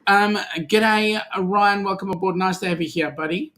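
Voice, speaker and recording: A man's voice: high voice, moderate pace, sharp tone. A man with an Australian accent co-hosting a casual live-stream chat, greeting viewers by name and teasing them. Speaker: podcast co-host.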